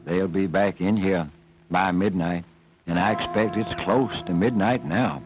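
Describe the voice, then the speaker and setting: A man's voice: sits low, steady tone, unhurried. A man voicing a sensible, cautious donkey in a folksy, plain-spoken drawl, from an old film soundtrack. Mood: thoughtful. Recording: dull old film soundtrack, faint music.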